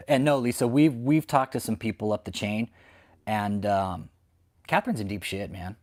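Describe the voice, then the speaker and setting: At a normal speed and a fairly low pitch, an American man vents in an angry, profane, confrontational rant that keeps looping back over its points. He runs a channel exposing cult leaders and is recording at home, where dogs bark in the background.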